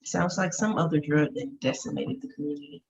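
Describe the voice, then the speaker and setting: A woman's voice: deep voice, brisk, darkish tone, dull audio, a little hiss or hum. A woman co-hosting a casual TV review chat, throwing in wry, teasing remarks. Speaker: co-host.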